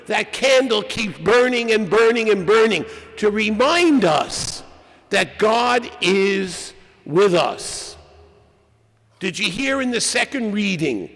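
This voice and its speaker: Man, sermon, priest, lively pitch, slow delivery. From New York. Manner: preaching, repeating phrases, asking the congregation questions. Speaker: pastor. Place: large church. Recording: long church reverb.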